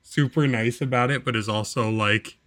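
Guy cohost cracking jokes, bright sharp voice, casual banter. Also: medium pitch, fairly even intonation, normal speed. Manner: joking, teasing interjections. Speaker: podcast co-host. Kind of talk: casual chat.

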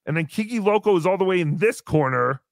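A man hosting a live show, telling a story in casual chat with animated, exasperated swearing. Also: high-pitched, fast talker, creaky, no echo, clean studio sound. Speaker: podcast host.

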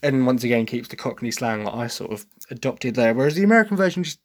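A man's voice: medium pitch, expressive, fast. Chatty English man reviewing. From England. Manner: chatty, hesitant, breaks into sung impressions. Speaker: podcast host reviewing a musical. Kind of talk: casual solo commentary.

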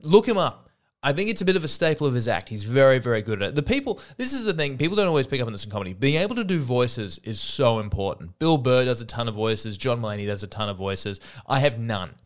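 A man hosting his own comedy podcast, rambling and self-deprecating, jumping his pitch up for emphasis. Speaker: podcast host. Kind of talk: solo comedic monologue.

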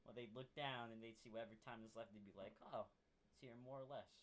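A man's voice: medium pitch, fairly even intonation, quick pace, fairly bright tone. A young man hosting a podcast, chatting casually and joking with a lot of laughter. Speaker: podcast host. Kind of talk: casual chat.

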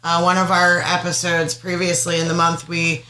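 A woman hosts a casual podcast, prompting her guest with questions and dropping in quick jokes. Her voice sits fairly low yet sounds bright. The recording has an echoey room with a faint hiss. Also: monotone. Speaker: podcast host.

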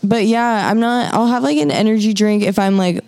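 A woman's voice: mid-range voice, normal speed, darkish tone. A young woman hosting a podcast, chatting casually and easily with many fillers and laughs. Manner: laid-back, lots of fillers and laughs. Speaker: podcast host. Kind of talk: casual chat.

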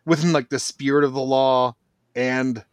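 A man's voice: medium pitch, steady tone, moderate pace, no room sound. A man in casual podcast chat, explaining at length with plenty of fillers. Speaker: podcast guest.

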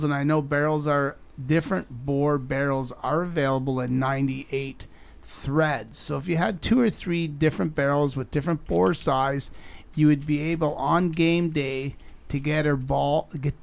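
A man's voice: fairly high pitch, creaky. A man co-hosting a podcast, giving technical advice step by step in casual chat. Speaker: podcast co-host.

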